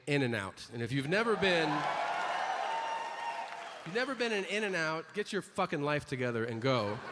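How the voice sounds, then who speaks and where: A man's voice: on the high side, long reverb tail, background noise. A man performing a stand-up comedy set, ranting with exasperated, profane punchlines and acted-out voices.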